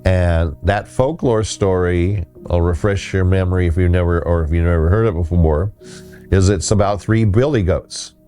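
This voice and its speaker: A man hosting a casual talk on folklore, telling a story in a rambling, halting way with many restarts. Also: deep voice, mellow, faint music behind. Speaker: host.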